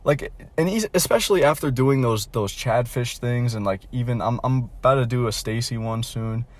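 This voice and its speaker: A young man vlogs a casual storytime rant in a medium-pitched voice at normal speed. It's blunt and mocking, full of fillers, restarts, and frequent profanity as he rambles along.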